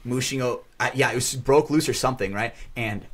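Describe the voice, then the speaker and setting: A man recounts a story on a podcast in a loose, rambling way, peppered with fillers and swearing. His voice sits at an ordinary middle pitch. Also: brisk, crowd noise. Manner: rambling, full of fillers and profanity. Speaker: podcast co-host. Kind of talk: casual storytelling.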